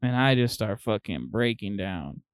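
A young man co-hosting a podcast, casually telling an animated story and swearing freely. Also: fairly low pitch, normal speed, clean tone, no echo, clean studio sound. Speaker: podcast co-host. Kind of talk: casual chat.

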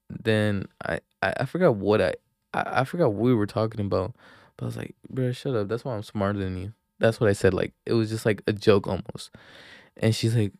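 His voice sits on the low side and is a little mellow. The young man hosts a podcast, casually recounting a rambling, profane story loaded with fillers into a handheld mic, recorded dry and at studio quality.

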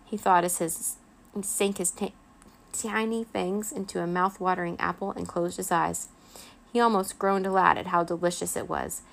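Woman reading a kids' bedtime story, gentle and expressive, bit of a gravelly creak. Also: on the low side, moderate pace. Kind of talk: children's bedtime story read-aloud.

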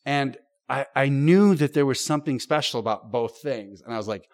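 A middle-aged man chatting casually about his improv days, spinning colorful comparisons laced with swearing. His voice sits at a middling pitch and sounds dry and close, with no room around it. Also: normal speed, a little mellow, no echo. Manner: vivid, profane storytelling with colorful comparisons. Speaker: podcast guest. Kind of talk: casual chat.

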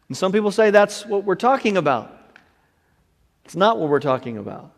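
Male pastor, higher voice, dynamic sermon delivery with whispers and shouts, long church reverb. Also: sing-song, normal speed.

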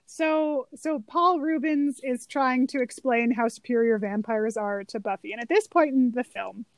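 A fairly high-voiced woman co-hosting a casual film chat, enthusiastic and quick to laugh. Her voice sounds dry and close to the mic. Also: no room sound. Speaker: podcast co-host.

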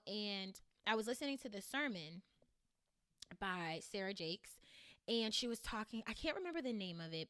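A woman hosting a podcast, telling a personal story in animated casual chat and calling her listeners y'all. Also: lowish voice, clear, resonant tone, dry recording, clean studio sound. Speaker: podcast host.

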